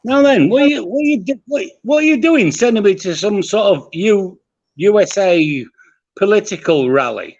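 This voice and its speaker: A man's voice: high-pitched, animated, moderate pace, a little mellow. Give me a man joking bluntly on a muffled video call from a hot garden. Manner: blunt, teasing, talks in banter. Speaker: guest calling in. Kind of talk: casual chat on a video call. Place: outdoor garden in a hot climate.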